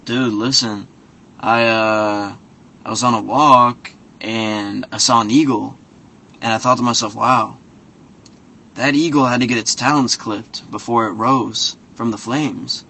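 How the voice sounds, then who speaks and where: Dude doing a dreamy fighter guy rambling muddled wisdom, bright, totally earnest. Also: mid-range voice, steady tone, a little slow, creaky, heavily acted. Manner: rambling, earnest, mixes up metaphors.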